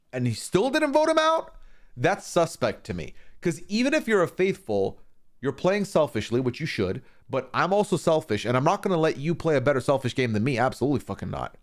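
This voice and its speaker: A man's voice: a little high, moderate pace. A man streaming a casual, opinionated recap of a reality show, swearing freely and acting out what people said. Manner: animated, swearing, acting out quoted lines.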